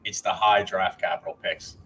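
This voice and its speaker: A man's voice: deep voice, steady tone, normal speed, a bit bright, a little hiss or hum, poor audio. A man co-hosting a podcast in casual sports chat, rambling with restarts, swearing and laughing. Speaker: podcast co-host.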